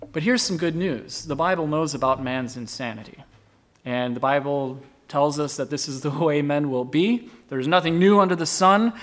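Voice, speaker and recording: A man preaching a sermon, emphatic, swinging between loud bursts and hushed asides. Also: fairly high pitch.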